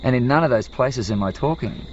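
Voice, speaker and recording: A man's voice: mid-range voice, expressive, a little fast, a little mellow, slight background noise. A man with an Australian accent, a musician guest chatting casually in a radio interview, often restarting his sentences. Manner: hesitant, restarting, chatty storytelling. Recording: slightly muffled radio recording.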